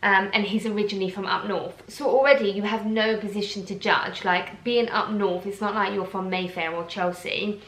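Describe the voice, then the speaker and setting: A woman's voice: medium pitch, fairly even intonation, normal speed, few pauses, fairly bright tone, a little hiss or hum. A woman from Essex with an Essex accent, a blogger ranting to camera in a chatty, indignant way full of fillers. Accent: Essex English. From Essex, England. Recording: roomy echo.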